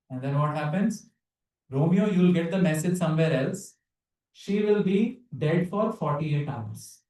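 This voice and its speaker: The preacher speaks a little slowly, with a fairly high pitch and a dark tone, caught on a distant mic in a very echoey hall. His devotional lecture mixes questions to the audience with sung Hindi verses.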